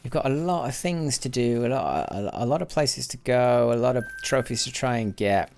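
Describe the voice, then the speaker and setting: A man's voice: medium pitch, lively intonation, normal speed, creaky, darkish tone. A man giving casual live commentary while playing a game, rambling and correcting himself as he goes, sometimes muttering to himself. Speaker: gaming livestreamer.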